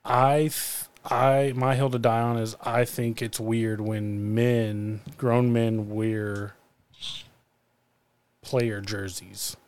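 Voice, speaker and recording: A man's voice: on the low side, flat delivery, slow, a little mellow, clear, resonant tone. A man co-hosting a casual podcast chat in a laid-back way, keeping his remarks short and moving the talk to new topics. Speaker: podcast co-host.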